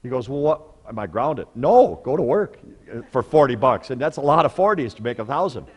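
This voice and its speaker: A middle-aged man presenting at a parenting workshop, telling stories in an animated way and asking the audience questions. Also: mid-range voice, fairly quick, husky, big-room sound. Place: large conference room.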